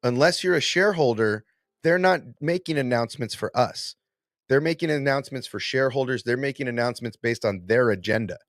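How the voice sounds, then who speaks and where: A man's voice: medium pitch, a little fast, no room sound, studio quality. A man co-hosting a podcast in a casual debate, emphatic and repeating words as he builds a point. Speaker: podcast co-host.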